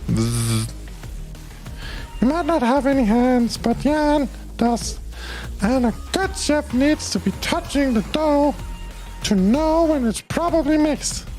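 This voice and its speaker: A man doing a shrill, bossy kitchen robot. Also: sing-song, takes it slowly, darkish tone, soft background music, full character voice, poor audio. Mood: lecturing.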